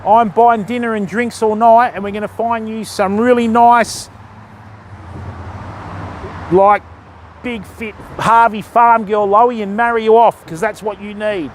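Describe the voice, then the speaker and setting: A man's voice: sits high, fairly even intonation, unhurried, a little hiss or hum. An Australian man live-streaming his fishing on a phone, chatting in a matey, easygoing way and greeting viewers by name. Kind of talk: casual live-stream chat.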